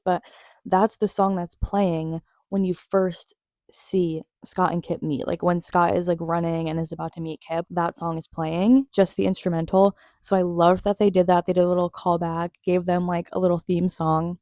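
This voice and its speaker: Gushing young woman, low mellow voice. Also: no echo, studio quality. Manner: gushing, excitable, laughs often. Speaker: TV recap vlogger. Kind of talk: casual chatty recap.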